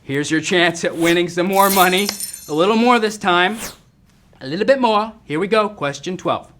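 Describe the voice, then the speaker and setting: A man hosting a live trivia game, excitable and jokey with quick banter between questions. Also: high-pitched, a little hiss or hum. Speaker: game show host.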